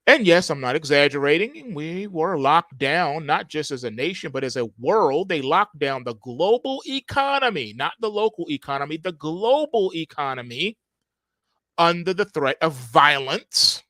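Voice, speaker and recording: A man's voice: a little high, big pitch swings, moderate pace, bright, forceful tone, no echo. Emphatic sarcastic male market commentator. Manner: sarcastic, emphatic rhetorical questions. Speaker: host of a market report.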